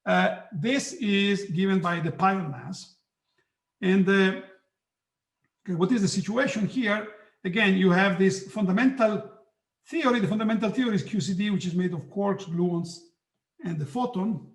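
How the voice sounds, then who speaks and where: A man giving a physics lecture online, halting, with many restarts and frequent "okay"s. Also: high voice, echoey room. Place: hot room.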